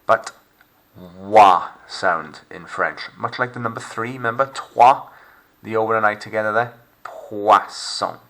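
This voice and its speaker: A man with a Welsh accent teaching a recorded remote lesson, modelling words slowly and clearly for students to repeat. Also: fairly low pitch, a bit bright. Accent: Welsh English.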